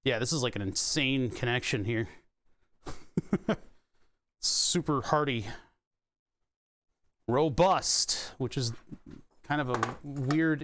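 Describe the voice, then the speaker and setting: A man's voice: on the high side, fairly bright tone. Joking, self-mocking man streaming a build. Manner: joking, self-deprecating, swears when hurt. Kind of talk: casual live-stream chat while building hardware.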